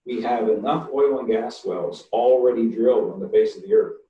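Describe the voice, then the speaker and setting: An older man, an engineering professor, answering webinar questions in a blunt, emphatic way, stressing key words slowly. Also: mid-range voice. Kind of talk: online webinar Q&A. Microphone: computer mic on a video call. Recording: distant, roomy, dull call audio.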